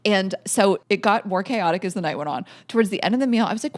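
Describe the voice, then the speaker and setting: Animated woman podcast host telling stories. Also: mid-range voice, fast. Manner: animated storyteller who laughs often. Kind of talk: casual chat.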